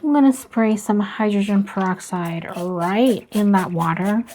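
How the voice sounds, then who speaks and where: Slow, soft-spoken woman vlogger. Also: mid-range voice, slight background noise. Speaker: plant vlogger. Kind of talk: casual narration while working.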